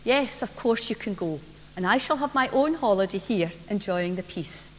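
A woman's voice: mid-range voice, expressive, moderate pace, natural voice. A woman voicing a kind, patient mother in a story told during a sermon. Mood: calm. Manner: soothing, reassuring. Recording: reverberant church, faint hum.

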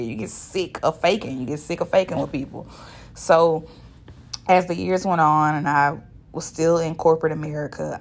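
A woman speaks in a low voice with a gravelly edge. She talks through a casual solo podcast monologue, venting bluntly and swearing freely. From Shreveport, Louisiana, US. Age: 30s. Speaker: podcast host.

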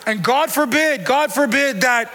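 A middle-aged man preaching a sermon in church as pastor, joking and animated, with bits of street slang. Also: very high voice, unhurried, long reverb tail, background noise.

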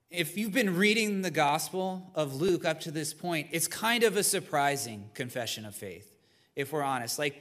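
Man, pastor, sermon, conversational, slightly high voice, long hall reverb. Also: fairly bright tone. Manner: conversational, with asides to the congregation. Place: church sanctuary.

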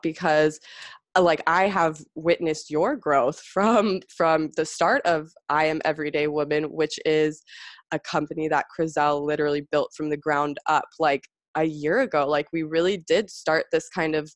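Gushing podcast host woman, low voice. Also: no echo. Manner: gushing, effusive, says "like" and "you guys" often. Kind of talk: casual podcast chat.

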